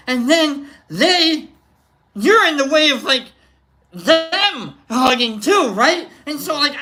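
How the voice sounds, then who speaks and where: A livestream host chats casually and gives shoutouts to viewers. The voice is bright and forceful. The delivery is goofy and rambling, full of fillers, and jumps from low mumbles to high exclamations. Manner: rambling and goofy, with many fillers and big swings in pitch. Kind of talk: casual live-stream chat with viewer shoutouts.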